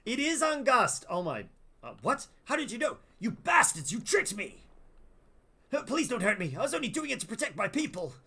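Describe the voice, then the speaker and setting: A man's voice: very high voice, very animated, normal speed, bright, forceful tone, husky, voice pushed up, full character voice. An Australian man reading aloud game dialogue for a nervous male desert merchant who pleads and frets. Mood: pleading.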